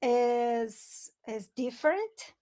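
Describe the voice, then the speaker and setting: A woman's voice: fairly high pitch, expressive, extremely slow, mellow. A woman with a Brazilian Portuguese accent practicing English on a video call, hesitant, with many fillers and small laughs. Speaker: English learner. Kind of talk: casual online lesson chat.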